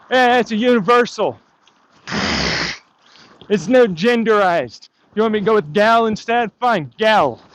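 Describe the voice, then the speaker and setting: A man vlogging outdoors on a hike, ranting in a sarcastic, profane, mocking way as if heckling an imagined crowd. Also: high voice. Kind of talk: rambling outdoor vlog monologue.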